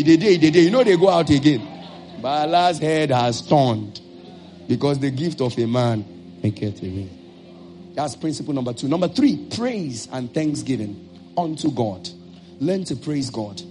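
A male pastor with a Nigerian English accent preaching a sermon, acting out little dialogues and breaking into sudden shouts. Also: a little high.

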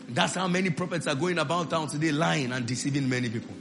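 A male pastor preaching a sermon to his church, rising into loud shouted declarations of prayer. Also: on the high side, fast talker, few pauses, over music.

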